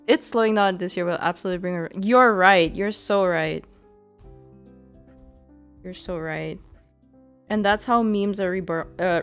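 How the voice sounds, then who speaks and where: A woman chats casually with her stream, rambling along with frequent fillers and a giggly manner. Her voice sits at an ordinary middle pitch. Soft music plays faintly underneath. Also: clear, resonant tone. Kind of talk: casual chat.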